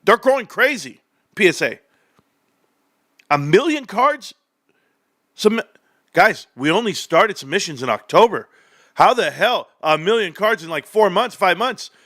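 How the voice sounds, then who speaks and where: A young man hosting a livestream, talking straight to his viewers in an animated, sarcastic rant. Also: high voice, moderate pace, dry recording, studio quality. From California, United States. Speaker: livestream host. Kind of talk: casual stock-talk livestream rant.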